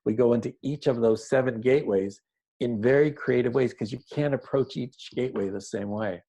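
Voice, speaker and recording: A man's voice: medium pitch, fairly quick, dark tone, highs cut off. A man being interviewed as an author, explaining his ideas earnestly and telling stories in a conversational way.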